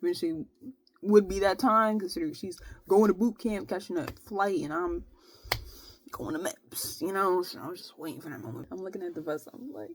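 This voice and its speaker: A woman's voice: fairly low pitch, brisk, slight background noise. Slangy young woman telling a story. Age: young adult. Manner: slangy, animated retelling with frequent "bro" and "like". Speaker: vlogger. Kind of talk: casual storytelling vlog.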